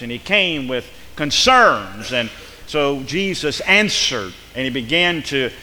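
A man preaching in a church sanctuary, his voice slightly high and sharply bright. He swells into an emphatic, chanting repetition. The sound hangs in a long church reverb. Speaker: pastor. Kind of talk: sermon.

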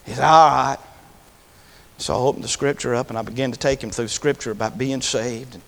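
A male preacher tells a story from his ministry in a sermon. His pitch sits in a middle range. He builds from plain telling into passionate, pleading preaching. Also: steady tone, fast talker, a little hiss or hum. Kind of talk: sermon testimony.

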